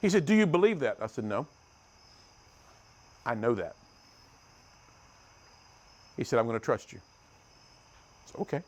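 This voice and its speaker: A middle-aged man from the United States giving a motivational talk to a youth group, telling stories and swinging between loud and hushed. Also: medium pitch, sing-song, measured pace, long pauses, slight background noise. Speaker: youth speaker.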